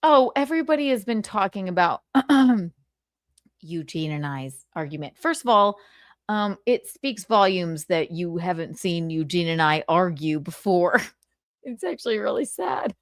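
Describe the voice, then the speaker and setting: A woman's voice: fairly low pitch, animated, unhurried, dry recording, studio quality. A young woman hosting a casual livestream, talking candidly, swearing freely and laughing often. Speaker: livestream host.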